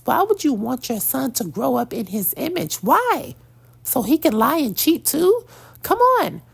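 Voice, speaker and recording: Sassy, gravelly-voiced gossip commentator woman. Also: medium pitch, a little mellow. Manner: blunt, sassy, preachy, addresses "girl" and "y'all". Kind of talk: opinionated celebrity gossip commentary.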